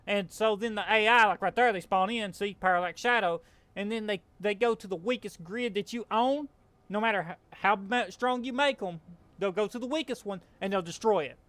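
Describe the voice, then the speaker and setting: With a high, slightly bright voice and a moderate pace, a young host from the American South talks casually through a survival game. He's frustrated, rambling, and self-correcting, and the recording has no echo.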